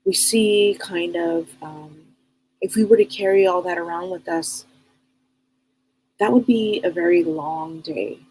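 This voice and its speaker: A woman's voice: fairly low pitch, unhurried, a little mellow, breathy edge, poor audio. A woman hosting a live broadcast as a psychic medium, talking earnestly in a casual, rambling way and often repeating and restarting her words.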